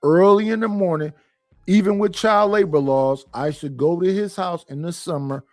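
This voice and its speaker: A middle-aged man with a notably high voice speaks bluntly on a panel, cursing freely and rambling through stops and restarts. The sound is dry and close, with faint music underneath. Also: normal speed, darkish tone, no echo. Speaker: panel guest. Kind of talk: casual opinion talk.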